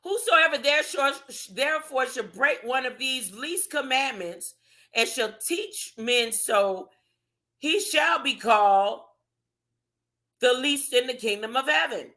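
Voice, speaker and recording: A woman preaching alone from scripture in a casual, animated way, throwing out rhetorical questions as she reads. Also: high voice, measured pace. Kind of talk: informal solo Bible teaching.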